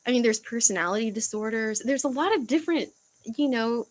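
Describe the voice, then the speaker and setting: Young woman, casual home livestream host, halting delivery with fillers and sighs. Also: on the high side, low-quality recording. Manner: halting, searching for words, frequent fillers and sighs. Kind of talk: casual livestream chat reading comments.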